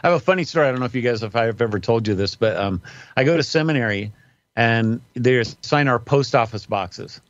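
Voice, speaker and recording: A man in a middle pitch, talking as a pastor on a podcast. He wanders through his points with plenty of ums and restarts. His remote call audio is dull and dry, with no room around it. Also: lively intonation, brisk, dry recording. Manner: rambling, many fillers and restarts. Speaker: pastor and guest. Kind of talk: casual podcast discussion.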